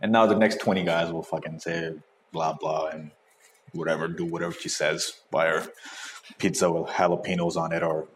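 A man hosting a casual podcast, reacting to clips with crude, profane commentary and loud whoops. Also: low voice, fairly even intonation, moderate pace. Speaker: podcast host. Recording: echoey room, faint noise.

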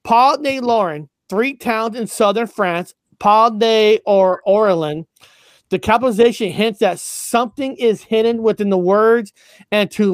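A man's voice: high voice, dry recording, clean studio sound. A man co-hosting a casual chat, reading passages aloud, stumbling over words and swearing offhand.

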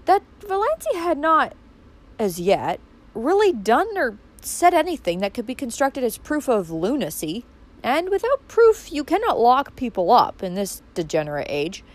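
Woman audiobook narrator, very lively pitch, expressive reading. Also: moderate pace. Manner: expressive, wide-ranging delivery.

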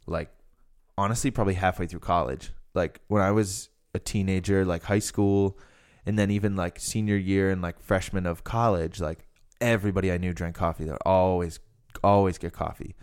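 A man's voice: low voice, fairly even intonation, moderate pace, a little mellow, clear, resonant tone. A young man from Rhode Island hosting a podcast, chatting casually and rambling with lots of fillers. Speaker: podcast host. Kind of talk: casual chat.

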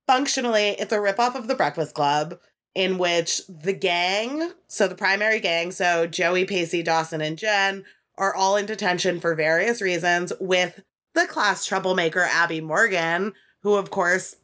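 A woman's voice: fairly low pitch, a little slow, fairly bright tone. A woman hosting a podcast, talking casually with many filler words and plenty of swearing. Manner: chatty, profane, frequent "like" fillers. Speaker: podcast host. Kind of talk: casual chat.

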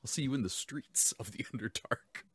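A man's voice: mid-range voice, fairly quick, a bit bright, slightly rough, dry recording, clean studio sound. An American man hosting a casual livestream, reading chat questions aloud, laughing often and tripping over his words.

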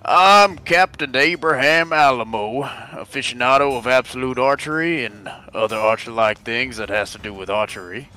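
A man's voice: mid-range voice, moderate pace, hardly any pauses, bright, forceful tone, close to an everyday voice. A man voicing a showy archer captain in a cowboy hat, introducing himself pompously.

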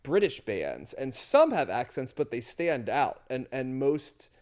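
A man's voice: mid-range voice, big pitch swings, a little slow, darkish tone. A man from the US Northeast co-hosting a podcast, chatting casually about music and thinking aloud with lots of fillers. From US Northeast, near New York and Philadelphia. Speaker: podcast co-host.

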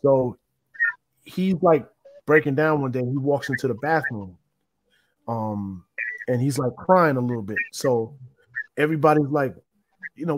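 A man's voice: mid-range voice, expressive, normal speed, pauses often, no echo, rough recording. A man as an interview guest, telling his own story in a casual, reflective way and often restarting his sentences. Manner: reflective, meandering, with frequent restarts.

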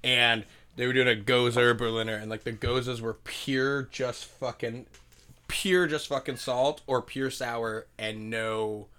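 A man's voice: mid-range voice, fairly even intonation, pushed and bright. A man co-hosting a casual beer-industry podcast, rambling and swearing freely. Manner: profane, rambling, fast bursts. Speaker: podcast co-host.

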